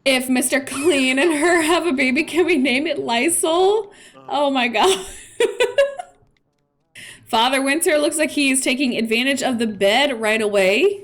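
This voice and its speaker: A woman's voice: sits high, moderate pace, a bit bright. A woman streamer chatting playfully through casual gameplay commentary. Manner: chatty, playful, with laughs and fillers.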